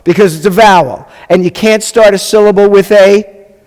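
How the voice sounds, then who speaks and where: A man's voice: sits high, moderate pace, a little mellow, long reverb tail. A man teaching a Hebrew class as a rabbi, patiently spelling things out and checking in often with his students. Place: classroom or hall with a live class.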